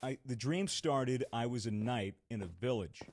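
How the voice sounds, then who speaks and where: A man's voice: mid-range voice, normal speed, creaky. Casual young man telling a story. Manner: rambling, swears casually, many fillers. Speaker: podcast co-host.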